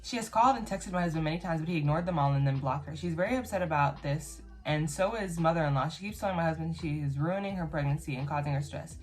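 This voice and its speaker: A woman with a slightly low voice reads posts aloud and reacts to them in a relaxed, unfiltered way. She is blunt, swears freely, and breaks into her own commentary between lines. Faint music plays in the background. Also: quick pace, hardly any pauses. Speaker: YouTuber reacting to online posts.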